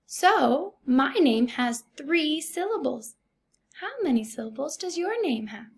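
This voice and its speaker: A woman teaching a recorded first grade phonics lesson, speaking slowly and deliberately in an encouraging teacher's way. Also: sits high, animated.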